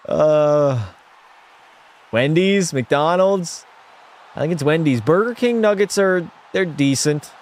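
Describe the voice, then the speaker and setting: A young man streaming a hockey video game, calling the plays and chatting with his viewers. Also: fairly high pitch. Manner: excitable, chatty, answers chat, mock French-Canadian outbursts. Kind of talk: casual live-stream play-by-play commentary.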